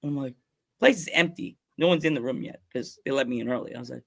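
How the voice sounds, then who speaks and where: A man hosting a wrestling podcast, telling stories in a casual, excitable way, often stumbling over his words and laughing. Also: fairly high pitch, a little fast, vocal fry. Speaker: podcast host. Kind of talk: casual chat, storytelling.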